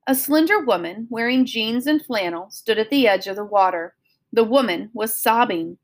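A woman with a fairly high voice reads a children's novel aloud. She tells the story steadily and expressively. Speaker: audiobook reader.

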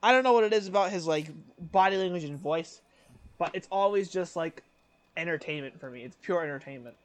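Animated and high-voiced, a young man co-hosting a podcast rambles through casual chat. He keeps saying "like," restarts his sentences, and tosses in quick voice impressions.

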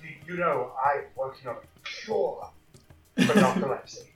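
Deadpan man, echoey and distant. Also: medium pitch, a little slow. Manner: dry, deadpan in character. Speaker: player. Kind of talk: tabletop role-play. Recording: echoey room from off-mic, music behind.

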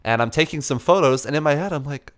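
A young man casually telling a story, animated, swearing and acting out the people in it. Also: fast talker. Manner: animated, swearing, acts out dialogue in a higher voice.

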